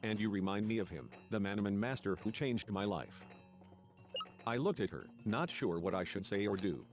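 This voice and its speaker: Low-voiced man reading game text. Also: animated, normal speed, over music. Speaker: let's play narrator reading game text. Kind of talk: reading game dialogue aloud.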